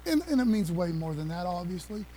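A man preaching with a high, lifted voice, quick and excitable, tossing in laughs and casual asides to his church. A faint hum runs underneath. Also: rough recording. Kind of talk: energetic sermon with slides.

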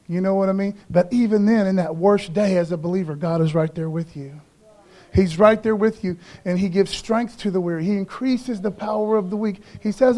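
A man's voice: sits high, mellow. A middle-aged male pastor preaching a sermon in a loose, conversational way, often tagging lines with "man" and "okay".

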